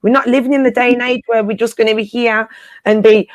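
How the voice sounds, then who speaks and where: Encouraging listeners in a casual spiritual live chat, a woman co-host talks fast in a steady tone, her voice on the high side. She uses informal, slangy speech and keeps repeating phrases for emphasis. The audio has no echo.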